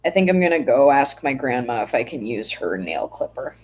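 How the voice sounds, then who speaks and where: A woman's voice: rumbling low, sing-song, a little fast, a little mellow, husky, low-quality recording. A woman from the United States chatting casually on a livestream while she draws, rambling and poking fun at herself. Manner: chatty, rambling, self-mocking. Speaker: streamer.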